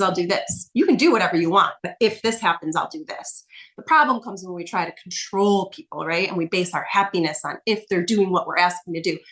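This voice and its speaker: A woman's voice: medium pitch, a bit bright. A woman coach speaking as a podcast guest, explaining emphatically in casual talk and tagging points with "right?". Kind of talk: casual conversation.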